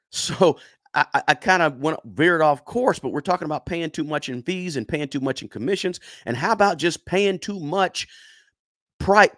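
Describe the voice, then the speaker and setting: A man talking money straight to his viewers, hammering points home by repeating words and tossing in "right?" again and again. His voice is fairly high and swings widely in pitch. The sound is close and dry, with no room echo. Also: fairly bright tone. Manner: emphatic, repeats words for stress, frequent "right?". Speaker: personal finance YouTuber. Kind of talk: casual talk to camera.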